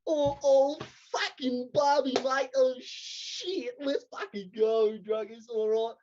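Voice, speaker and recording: A woman's voice: high voice, takes it slowly, lo-fi sound, background noise. A woman playing a brash, crude young Australian man with a mock Australian accent. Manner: brash, sweary, laughing.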